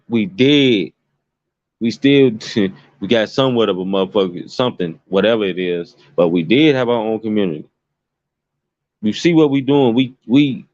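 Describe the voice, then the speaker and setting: A man rants to his channel in a low, dull-toned voice, swearing constantly and circling back to the same points with emphatic repetition. The lo-fi recording is flat and dry, with no room sound. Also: no echo. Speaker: commentary vlogger. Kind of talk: profane rambling commentary.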